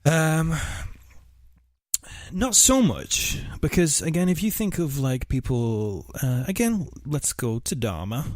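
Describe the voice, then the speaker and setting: A man's voice: on the high side, sing-song, slow pace, dry recording. A man co-hosting a casual true-crime podcast, telling the story with many fillers and asides. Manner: rambling, filler-heavy storytelling, laughs at own jokes. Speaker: podcast co-host.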